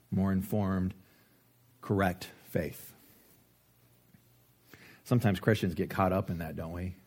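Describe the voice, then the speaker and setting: A man preaching a sermon, joking and animated, with lots of rhetorical questions, in a church. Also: on the low side. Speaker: pastor.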